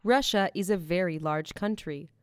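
A woman's voice: fairly low pitch, moderate pace, clean tone, dry recording, studio quality, lightly acted. A woman voicing friendly girls from abroad. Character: friendly foreign girls from Arabia, Italy, Russia. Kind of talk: slow scripted language-lesson dialogue.

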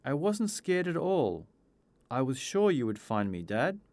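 A man's voice: medium pitch, sing-song, unhurried, darkish tone, no room sound, pitched above the performer's own voice. A man voicing a small, brave boy who talks cheerfully. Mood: happy.

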